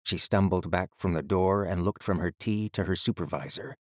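A man's voice that sits low carries an audiobook narration, delivered with steady, measured storytelling. It's a dry recording with clean studio sound.

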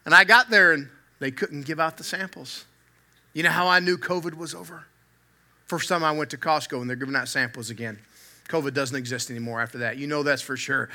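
A man's voice: fairly high pitch, fairly quick, pushed and bright. A man preaching a sermon from the pulpit, mixing humor with earnest emphasis that swells and drops. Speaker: pastor.

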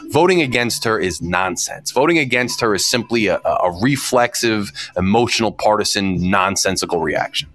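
A man's voice: fairly low pitch, animated, moderate pace, hardly any pauses, fairly bright tone. A man hosting a podcast, giving emphatic, repetitive, frustrated political commentary on his own. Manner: mocks opponents in put-on whiny voices. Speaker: podcast host. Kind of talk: opinionated solo political commentary. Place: lives near New York City.

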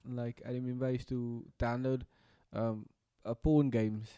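A man's voice: medium pitch, level tone, measured pace, warm tone, smooth, no echo. A young man in casual podcast chat, laid-back and hesitant, full of fillers and playful questions. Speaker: podcast co-host.

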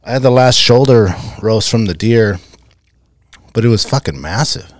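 An easygoing man chatting casually with friends and throwing in quick questions. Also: medium pitch, no echo, clean studio sound. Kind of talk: casual chat.

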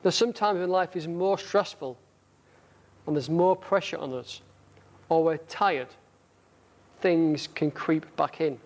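A man's voice: fairly high pitch, unhurried, pauses often. Northern English man giving a sermon. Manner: conversational, self-deprecating, reads aloud. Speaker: church speaker. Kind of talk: sermon with a book reading.

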